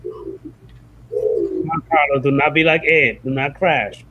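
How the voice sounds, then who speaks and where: A man speaks politely and eagerly over a video call. His voice sits a bit high, and the audio comes through muffled and lo-fi. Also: slow. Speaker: panel guest. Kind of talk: casual chat.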